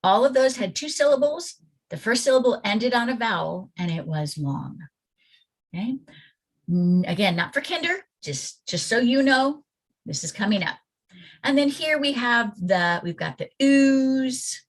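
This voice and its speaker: A woman's voice: fairly high pitch, expressive, normal speed. A woman reading teacher giving an online phonics workshop for parents, sounding out letters and vowel sounds with care. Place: home or classroom at computer, presenting slides.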